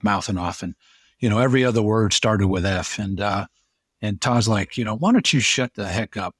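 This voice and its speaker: A man's voice: lowish voice, husky, dry recording. A man, a former police officer and pilot, telling casual anecdotes as a podcast guest with a rambling, restart-filled manner. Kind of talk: casual storytelling.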